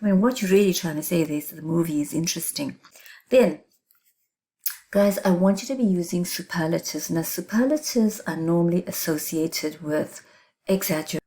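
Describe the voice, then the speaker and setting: A middle-aged woman teacher explains writing techniques for an exam, leaning hard on key words and checking in with her students. Her voice sits low and sounds warm and mellow. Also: moderate pace. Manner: emphatic, explains with examples and checks in with "right?". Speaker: English teacher. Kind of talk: exam revision lesson.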